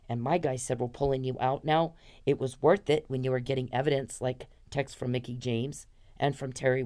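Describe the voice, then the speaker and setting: A podcast host in her fifties speaks in an extremely low, warm voice, venting an accusatory, foul-mouthed rant directly at a single person.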